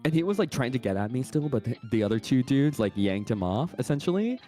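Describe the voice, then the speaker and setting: A man's voice: mid-range voice, big pitch swings, fast, dark tone, soft background music. A man guest chatting casually, telling stories in a rambling way with many laughs. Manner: rambling storytelling with frequent laughs and fillers. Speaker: guest co-host. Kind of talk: casual chat.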